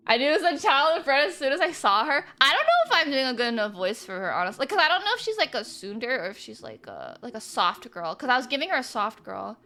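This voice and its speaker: A woman's voice: high voice, wildly swooping pitch, quick pace, few pauses, pushed and bright. A woman streamer chatting casually and giggling while she plays a dating game. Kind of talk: casual live-stream commentary.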